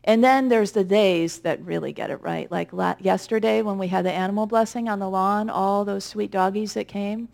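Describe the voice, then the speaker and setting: A woman minister giving a conversational, gently humorous sermon with reflective pauses. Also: mid-range voice, fairly even intonation, gravelly.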